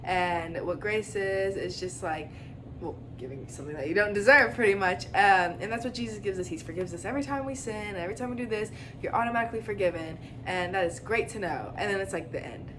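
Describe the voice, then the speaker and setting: A young woman chats casually on a podcast, rambling through her thoughts with plenty of fillers and quick giggles. Her pitch sits in an ordinary middle range. A faint noise floor runs under the recording. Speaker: podcast co-host. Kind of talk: casual faith chat.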